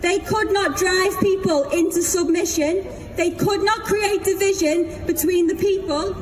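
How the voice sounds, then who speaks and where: A woman's voice: very high-pitched, measured pace. A woman giving a defiant, rousing speech at an outdoor rally. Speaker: protest speaker. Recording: roomy PA sound with crowd noise. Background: crowd and noise.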